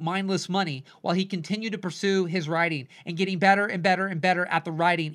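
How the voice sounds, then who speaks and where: A podcast host and coach talking animatedly in a solo monologue, often dropping into quoted voices and asking "right?". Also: medium pitch.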